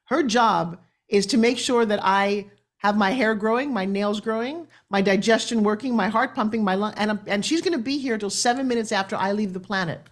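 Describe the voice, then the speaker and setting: A middle-aged woman talking as a guest in an interview, animated and motivational, her pitch swinging up and down for emphasis. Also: brisk. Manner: lively, shifting pitch up and down for emphasis. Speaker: guest speaker.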